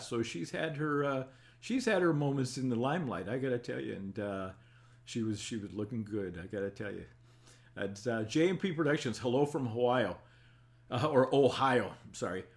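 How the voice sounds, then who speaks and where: An older man in the middle of his voice range chats casually on a live stream. He reads viewer comments aloud and answers them in a folksy, rambling way, with small chuckles along the way. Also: mid-range voice. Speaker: talk show host reading live chat.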